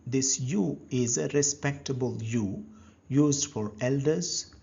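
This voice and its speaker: Very slow, patient male language teacher. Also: medium pitch, vocal fry, darkish tone, slightly rough. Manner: very slow, patient, pausing for learner answers. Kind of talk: slow step-by-step language lesson. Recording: dull lo-fi recording.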